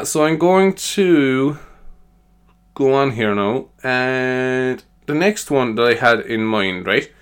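A man's voice: medium pitch, fairly bright tone. A tired man with an Irish accent, hosting a comedy podcast in a rambling, chatty way, often tagging "you know" and laughing at himself. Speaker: podcast host.

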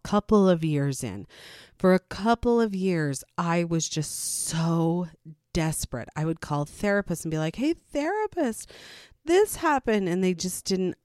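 A woman's voice: lowish voice, clear, resonant tone, no room sound, studio quality. A middle-aged woman talking candidly to viewers about her life as a parent, acting out what people said in raised voices. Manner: candid and animated, acts out quotes in raised voices, laughs between points. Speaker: parent sharing her experience. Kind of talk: casual personal talk to viewers.

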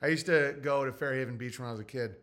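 A man streaming casually, profane and excitable, laughing often as he reacts to his chat. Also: medium pitch, fast. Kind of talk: casual stream chat, reading viewer messages.

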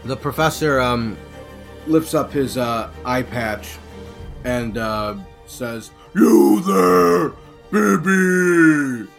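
A man's voice: medium pitch, steady tone, takes it slowly, fairly bright tone, soft background music. A man playing a tabletop game, casual and profane as he explains his spell rules. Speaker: player.

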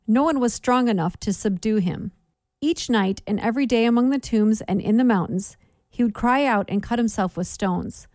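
A woman giving a measured Bible reading for a daily reading plan, with clear, steady delivery. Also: fairly high pitch, dry recording, clean studio sound. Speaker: scripture reader.

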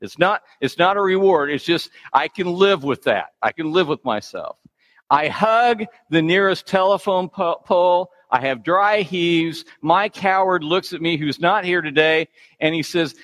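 A middle-aged man preaching a sermon as a pastor, telling a self-deprecating running story in an animated, storytelling way. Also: fairly high pitch, unhurried. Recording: long hall reverb.

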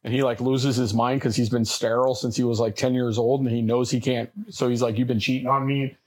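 A man's voice: mid-range voice, level tone, brisk, darkish tone. A man with a Southern US accent cohosting a casual whiskey podcast, telling blunt, profane stories. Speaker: podcast co-host. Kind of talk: casual whiskey-tasting chat.

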